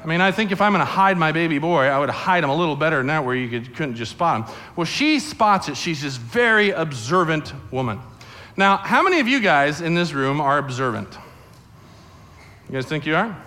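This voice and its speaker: A male pastor preaching a lively sermon in a church sanctuary, telling the story with acted-out voices and questions aimed at the kids. His voice is bright and forceful, sitting a bit high for a man. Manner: animated storyteller acting out voices, addressing kids. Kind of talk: sermon to a family congregation.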